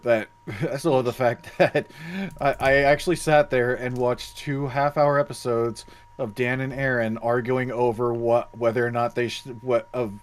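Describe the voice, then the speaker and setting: A man's voice: medium pitch, fairly even intonation, normal speed, clear, resonant tone. Rambling man in casual panel chat. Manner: rambling, many restarts and fillers. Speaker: podcast co-host.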